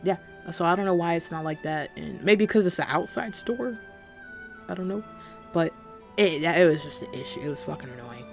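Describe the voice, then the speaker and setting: A man's voice: on the high side, lively intonation, moderate pace, creaky, faint music behind. A young man giving a casual spoken game review, rambling and swearing, exasperated, full of fillers and restarts.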